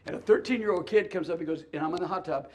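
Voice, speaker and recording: A man with a notably high voice tells comic stories as a talk show guest. He stammers through restarts and laughs at his own punchlines. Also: very fast, a little mellow. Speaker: comedian and guest. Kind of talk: storytelling chat.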